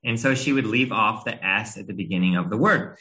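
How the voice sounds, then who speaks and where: Bright-voiced man preaching a gentle sermon. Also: lowish voice, a little fast, poor audio. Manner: gentle, earnest storytelling with uh fillers. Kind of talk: sermon with personal story.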